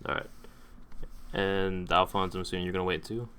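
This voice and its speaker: A man running a tabletop game as game master, easygoing and quick to laugh. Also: deep voice, flat delivery, pushed and bright, a little hiss or hum. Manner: easygoing, laughs often, stumbles when flustered.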